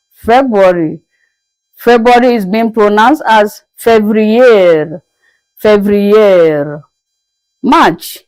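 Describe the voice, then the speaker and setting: A woman teaching a French lesson, speaking slowly and repeating each word carefully for her learners. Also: medium pitch, no room sound, low-quality recording. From Nigeria. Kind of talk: classroom language lesson.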